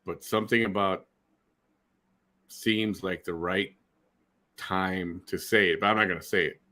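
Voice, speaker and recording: A man's voice: low voice, fairly even intonation, unhurried, pushed and bright. A man hosting a reaction video, with sarcastic, scoffing commentary. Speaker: host reacting to a clip.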